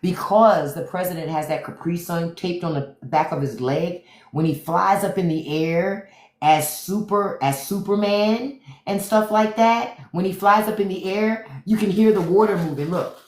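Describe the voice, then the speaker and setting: A woman's voice: fairly low pitch, moderate pace, darkish tone. A woman hosting a livestream, talking back to the chat with profane, mocking commentary. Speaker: podcast host on a livestream. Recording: roomy echo.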